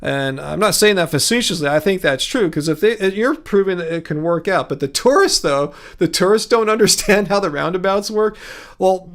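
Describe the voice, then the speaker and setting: A man's voice: sits high, moderate pace, fairly bright tone. A man from California hosting a livestream, chatting casually with viewers in a rambling way and laughing often. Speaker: livestream host. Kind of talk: casual livestream chat reading comments.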